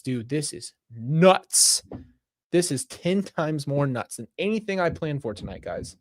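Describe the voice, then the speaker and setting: A man live-streaming as he reads an interactive mystery story aloud, excitable, breaking off to laugh and react. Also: medium pitch, moderate pace, dry recording, clean studio sound. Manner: excitable, laughing and reacting between read passages.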